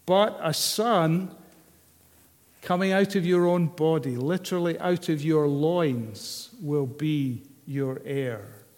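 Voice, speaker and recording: A man preaching a sermon, measured and unhurried, often asking the listeners rhetorical questions. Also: on the high side, a little mellow. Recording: long hall reverb.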